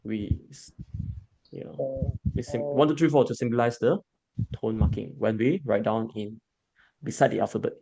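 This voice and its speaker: A man teaching a beginner language class, slowly repeating sounds for students to echo. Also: mid-range voice, gravelly, warm tone, slightly rough. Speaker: Mandarin teacher. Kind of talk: classroom lesson.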